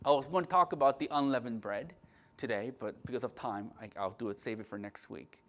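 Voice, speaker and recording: In a medium-pitched, fairly quick voice, a man preaches a fervent sermon as pastor. He shifts from loud, forceful lines to quiet asides, repeatedly restarting and doubling back on words.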